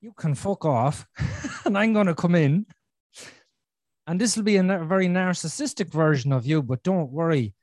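A man's voice: fairly high pitch, normal speed, darkish tone, no echo. A man hosting a podcast, talking candidly and bluntly, swearing freely and repeating himself for emphasis. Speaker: podcast host. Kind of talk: candid conversational chat.

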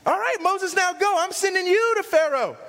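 A man's voice: extremely high pitch, animated, moderate pace, fairly bright tone, in a large hall, voice pushed up, heavily acted. A man voicing God as a patient, commanding male deity who speaks in insistent declarations. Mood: declaring.

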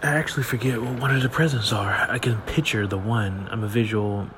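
A man's voice: on the low side, fairly even intonation, a little fast, noisy background. A man hosting a casual solo podcast at night, rambling in a laid-back way with fillers and frequent laughs, sleepy and yawning. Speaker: podcast host. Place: at home at night.

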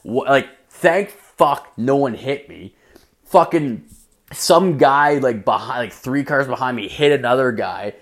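A man's voice: mid-range voice, lively intonation, a little slow. A young man telling a rambling work story in a casual rant, swearing constantly and leaning on "like".

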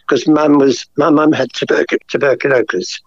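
A man's voice: mid-range voice, steady tone, normal speed, dry recording. Chatty older Englishman, rambling stories. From England. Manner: rambling, chatty, many asides. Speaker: guest, painter. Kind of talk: casual storytelling interview. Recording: slightly dull lo-fi audio.

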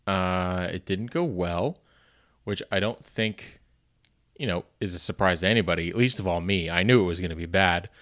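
A man's voice: low voice, moderate pace, fairly bright tone. A man hosting his own podcast alone, chatting casually in a rambling, self-deprecating way with lots of "you know"s and the odd swear word. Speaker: podcast host. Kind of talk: casual solo podcast chat.

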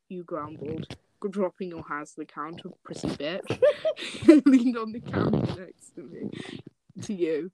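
A woman's voice: fairly low pitch, expressive, unhurried, noisy background. A young woman casually reading a fanfic aloud, breaking off often to joke and laugh. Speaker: fanfic reader.

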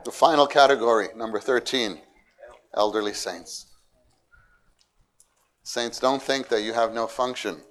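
A man giving a sermon, animated, swinging between quiet asides and loud, emphatic lines, and acting out quoted people. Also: medium pitch, unhurried, pauses often. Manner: acts out quoted people in raised voices. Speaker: church speaker.

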